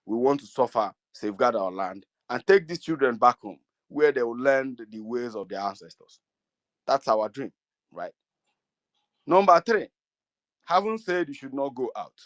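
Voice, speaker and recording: A man's voice: medium pitch, animated, unhurried, a bit bright, no room sound. A middle-aged Igbo man with a Nigerian accent, speaking earnestly to an online meeting and pleading with his listeners. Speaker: community speaker.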